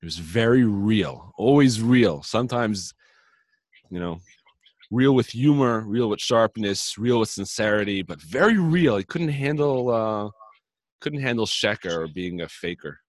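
A man with a somewhat low voice tells a story in an earnest, heartfelt way, sprinkling in Yiddish and Hebrew words. It is a relaxed, conversational chat. The recording is dry and close. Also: measured pace, no echo.

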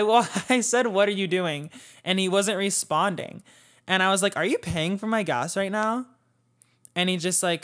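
A woman hosting a podcast, telling a personal story in a chatty, animated way, swearing freely and using lots of fillers. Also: fairly low pitch. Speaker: podcast host. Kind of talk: casual storytelling.

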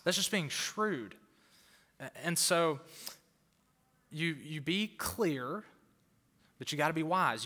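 A man's voice: a little high, bright, forceful tone. A male pastor preaching a fired-up sermon to a crowd in a church auditorium, often repeating words for emphasis. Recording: long hall reverb.

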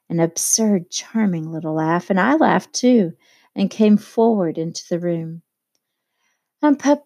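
A woman narrating an audiobook in a measured, expressive reading. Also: lowish voice. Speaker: audiobook reader. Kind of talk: scripted narration.

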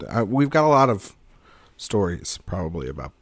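A man's voice: fairly low pitch, sing-song, normal speed, dry recording. A man co-hosting a casual film podcast, rambling through jokes and tangents, swearing freely and laughing mid-sentence. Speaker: podcast co-host.

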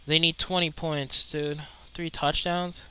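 Young male sports fan, live reaction, slow drawl, bright and a bit high, mutters then blurts out. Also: little pitch movement, clear, resonant tone. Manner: muttering, exasperated, swings to loud outbursts. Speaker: sports fan watching a game.

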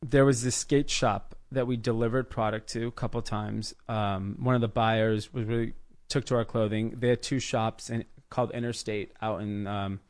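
Animated storytelling man in his thirties. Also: lowish voice, normal speed. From United States, Los Angeles area. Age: 30s. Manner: animated storyteller acting out quoted people. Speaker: podcast guest, clothing brand founder. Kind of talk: casual interview storytelling.

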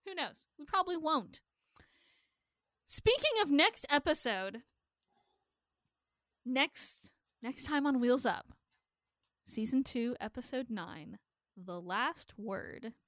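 A woman with a high, bright voice full of lively swings in pitch. She chats casually and cheerfully about a TV episode and swears freely. The recording is dry and close. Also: slow, pauses often, dry recording. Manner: chatty and upbeat, swears casually. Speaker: podcast co-host. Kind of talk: casual chat recapping a TV episode.

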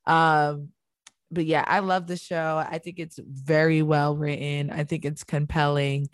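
A woman talking in relaxed, expressive casual chat, peppering her speech with fillers. Her voice is dry and close, with no room sound around it. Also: low-pitched, unhurried, no room sound.

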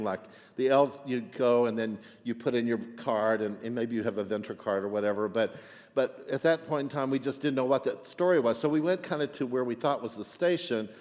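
Guy preaching, chatty story sermon, keeps asking amen right, middle pitch, big hall reverb. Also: darkish tone. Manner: chatty, asks for amens and "right?". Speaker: pastor.

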